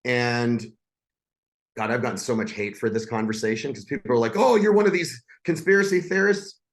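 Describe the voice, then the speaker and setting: A man's voice: medium pitch, fairly quick. Intense, foul-mouthed man telling his story. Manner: intense, profane, blunt. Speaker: podcast guest. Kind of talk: emotional personal storytelling.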